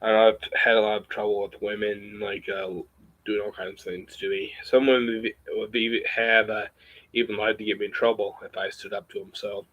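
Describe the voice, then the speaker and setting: A young man chatting casually in a vlog at home, rambling and hesitant, with a gravelly, husky voice on a webcam or phone mic. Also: on the low side, flat delivery, brisk, lo-fi sound. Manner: rambling, hesitant, lots of fillers. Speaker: vlogger.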